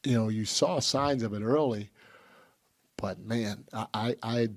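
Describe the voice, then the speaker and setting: A man, a basketball head coach, answering questions at a press conference in a halting, earnest way, with frequent restarts. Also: fairly low pitch, no room sound.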